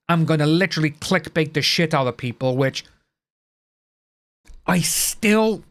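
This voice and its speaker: A man chatting casually to his livestream viewers, blunt and ranting, swearing freely. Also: a little high. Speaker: livestream host.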